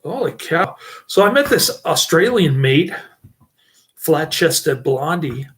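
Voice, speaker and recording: Slow, chuckling middle-aged man. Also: a little high, very animated, a bit bright. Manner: rambling, chuckles often. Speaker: channel host. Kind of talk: casual channel update.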